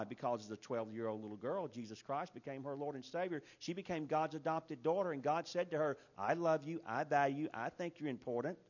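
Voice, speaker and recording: A man preaching a sermon in an earnest, emphatic way that builds to loud peaks. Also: mid-range voice. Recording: dull lo-fi recording.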